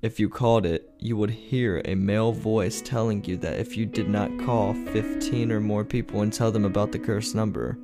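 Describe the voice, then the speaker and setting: Low-voiced man narrating creepy tales. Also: steady tone, normal speed, few pauses, music in the background. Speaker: podcast host and narrator.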